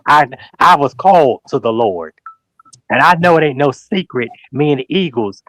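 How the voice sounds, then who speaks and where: Preaching and calling people out as a guest on a heated livestream talk show, a man with a somewhat high voice speaks at normal speed and hammers each point through repetition, addressing people directly. He acts out others' words in slangy, mocking asides, sounding close and dry with no room echo.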